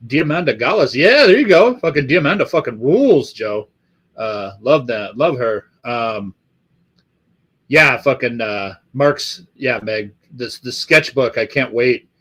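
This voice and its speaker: A man's voice: medium pitch, fairly bright tone. A middle-aged man from the Los Angeles area hosting a live stream, chatting casually with viewers in a rambling, profane way full of fillers.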